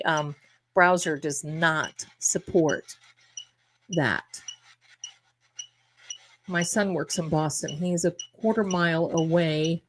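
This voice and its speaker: A woman's voice: fairly low pitch, slight background noise. A middle-aged woman hosting a live tarot stream, chatting casually and rambling to her viewers, calling them her darlings.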